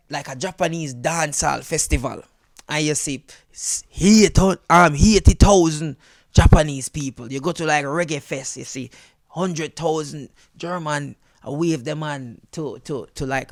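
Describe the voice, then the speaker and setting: A Jamaican man, a comedian, chatting in an interview, animated, switching between accents and laughing often. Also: fairly high pitch, normal speed, dry recording, studio quality. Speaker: comedian guest. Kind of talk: casual interview chat.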